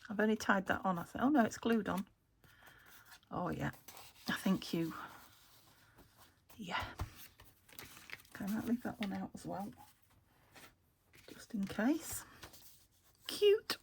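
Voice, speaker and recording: A British woman crafting at her table at home, thinking aloud and often dropping to a soft half-whisper as she narrates casually. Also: medium pitch, unhurried, gravelly, long pauses, slight background noise. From United Kingdom. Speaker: craft vlogger. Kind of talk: casual flip-through narration while crafting.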